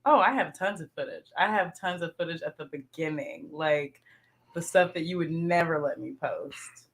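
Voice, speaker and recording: A woman joining her husband's live stream, chatting casually in a teasing, emotional, soft-spoken way. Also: low-pitched, normal speed, breathy edge. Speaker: host's wife, guest.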